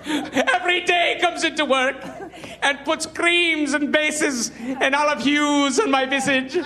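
A man impersonating a pompous, self-adoring male TV interviewer, slow, theatrical and over-emotive, on a live stand-up stage. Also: extremely high pitch, steady tone, pitched above the performer's own voice. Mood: gushing. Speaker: stand-up comedian. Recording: live club, loud crowd and noise.

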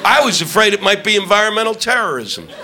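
A man performing a stand-up comedy set, ranting and profane, shouting his punchlines, recorded live on a club stage before a laughing audience. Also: sits high, very animated, quick pace, a crowd in the background, noisy background.

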